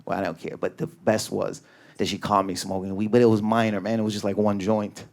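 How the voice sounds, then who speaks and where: A male stand-up comedian performing with raging energy on a club stage, often yelling and shooting up in pitch. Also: little pitch movement, a little fast, creaky.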